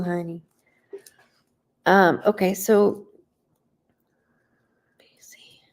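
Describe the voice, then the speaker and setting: A woman's voice: lowish voice, vocal fry, darkish tone. A woman psychic medium in casual livestream chat, rambling, greeting viewers by name and swearing now and then, recorded at home on her laptop mic.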